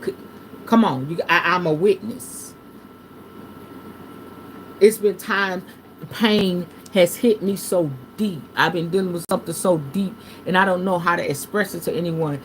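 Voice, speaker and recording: A woman, hosting a live tarot reading in casual spiritual chat, animated and preachy with some cursing. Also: lowish voice, unhurried, slight background noise. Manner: animated and preachy, swinging between hushed and loud; salty, uses curse words. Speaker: tarot reader hosting a livestream.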